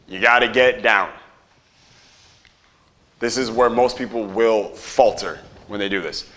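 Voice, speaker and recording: A young man running a live marketing workshop, energetic, quizzing the audience and swearing casually. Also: fairly low pitch.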